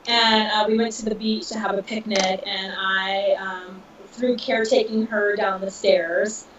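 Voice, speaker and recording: A woman in her thirties, a podcast guest, telling a personal story in an emotional, animated way with laughter. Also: mid-range voice, measured pace, a little hiss or hum. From Southern California. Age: 30s. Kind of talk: casual storytelling. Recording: dull, distant, roomy audio.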